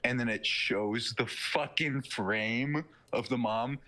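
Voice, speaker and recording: A man's voice: medium pitch, takes it slowly, sharp tone. A young man in casual chat, retelling a film plot in a rambling way full of fillers and swearing.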